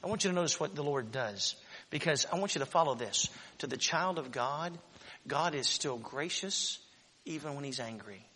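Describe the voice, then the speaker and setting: High, bright shouting preacher in a hall. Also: male voice, lively intonation, moderate pace, slightly rough. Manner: swings from shouted preaching to quiet talk. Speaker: pastor. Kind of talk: sermon.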